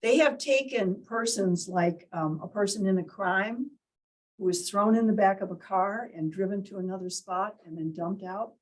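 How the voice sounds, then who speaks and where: A woman with a breathy, husky voice, sitting at an everyday pitch, leads a workshop in an indoor meeting room. She teaches interactively, firing questions at the group and acting out different tones of voice to make her point. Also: normal speed, poor audio. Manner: quizzes the group, demonstrates tones of voice. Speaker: workshop leader.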